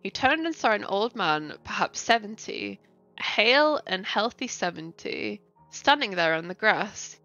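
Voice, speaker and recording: A woman's voice: medium pitch, very animated, measured pace, pushed and bright, highs cut off, faint music behind. A woman streamer reading a novel aloud on a casual live stream, breaking off for chatty, swearing asides. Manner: chatty asides, swears, laughs between passages.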